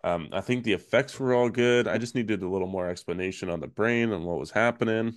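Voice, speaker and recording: A man with a deep, low voice hosts a casual podcast chat, rambling along with fillers and easy laughs. The recording is dry and close, with no room sound. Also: a little fast, no echo. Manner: laid-back, rambling with fillers and soft laughs. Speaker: podcast host.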